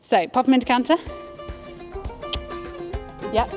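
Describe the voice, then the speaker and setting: A woman giving calm, encouraging instructions as a riding coach. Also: fairly high pitch, a little slow, music in the background. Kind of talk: coaching a rider. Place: outdoor riding arena.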